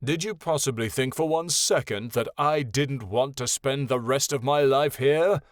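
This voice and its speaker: A man voicing a proud, wounded male dragon who shouts in booming fury. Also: measured pace, dry recording, clean studio sound, close to an everyday voice. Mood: reproachful.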